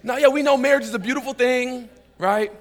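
A man's voice: extremely high pitch, a little fast. A male pastor preaching a sermon in church, joking and telling stories, calling on the congregation to answer back. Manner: calls out to the congregation for responses; lively, joking storyteller.

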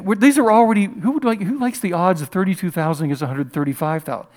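A man preaching a sermon, retelling a Bible story in an animated, conversational way and putting questions to his listeners. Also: high-pitched, fast talker, few pauses. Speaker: pastor.

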